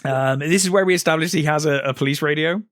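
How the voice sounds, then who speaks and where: On a film podcast, a male co-host talks fast in a voice on the high side, casually retelling scenes with acted-out quotes and plenty of fillers. It's a clean studio recording with no room sound.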